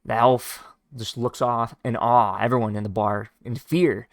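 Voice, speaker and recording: A man casually reading a comic aloud, describing the panels in an informal, halting way with many fillers. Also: medium pitch, steady tone, dry recording, studio quality. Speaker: read-along narrator. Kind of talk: casual read-along of a comic.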